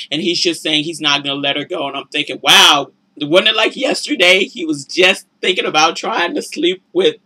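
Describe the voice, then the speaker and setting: A woman's voice: sits low, pushed and bright. A woman giving a casual, opinionated recap of a reality show, chatty and judgmental, tacking "you know, and stuff" onto her sentences. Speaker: reality TV commentator.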